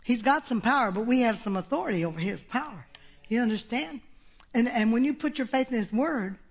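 A woman's voice: on the high side, expressive, brisk. An older woman preaching a sermon, folksy and exclamatory, with laughs between her points.

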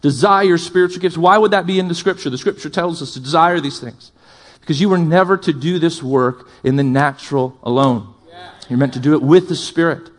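A male pastor preaching a sermon, impassioned, with loud emphatic build-ups, quieter asides and jokes for the congregation. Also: on the high side, brisk.

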